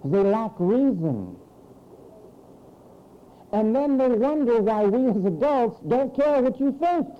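A man preaching a sermon in a church, animated and mocking as he mimics frantic people. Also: extremely high pitch, slow pace, pauses often, lo-fi sound.

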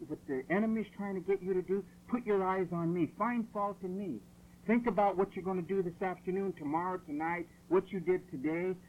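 A man preaching a sermon in a church hall, insistent and forceful, driving points home through repetition. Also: high voice, fairly quick, phone-quality sound. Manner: forceful, insistent, repeats phrases for emphasis.

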